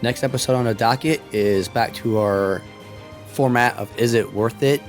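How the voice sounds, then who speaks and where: A man with a raspy voice hosting a podcast in casual chat, laid-back and chatty. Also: medium pitch, normal speed, faint music behind. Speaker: podcast host.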